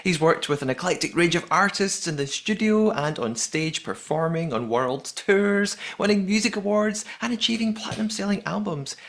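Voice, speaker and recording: Brief: male podcast host, upbeat, lively sing-song delivery, slightly high voice. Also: normal speed, gravelly, few pauses. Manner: lively, upbeat scripted intro. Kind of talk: podcast chat.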